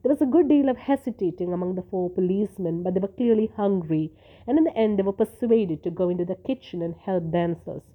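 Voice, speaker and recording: A woman reading a short story aloud in a measured, even narration. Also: medium pitch. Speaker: story reader. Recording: tinny phone-like sound.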